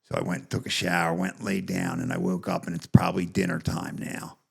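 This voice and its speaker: A man in his fifties, a podcast guest, telling his life story in a halting, rambling way with many restarts. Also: sits low, flat delivery. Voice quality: gravelly, husky voice. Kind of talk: personal testimony storytelling.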